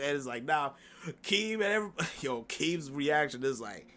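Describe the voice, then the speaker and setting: A man's voice: a little high, big pitch swings, moderate pace, a bit bright. A man giving a loose, slangy commentary recap of a livestream, laughing often and rambling through fillers and restarts. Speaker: commentary YouTuber. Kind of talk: casual stream recap commentary.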